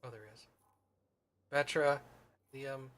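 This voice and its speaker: A man's voice: mid-range voice, steady tone, slow pace, a bit bright. A man streaming a game, chatting casually and poking fun at himself. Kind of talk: casual chat over gameplay.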